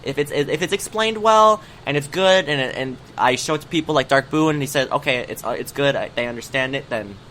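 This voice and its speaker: A man's voice: mid-range voice, animated, a little fast, few pauses, a bit bright, a little hiss or hum. A man co-hosting a casual gaming podcast, chatty and rambling, with lots of fillers and restarts. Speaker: podcast co-host.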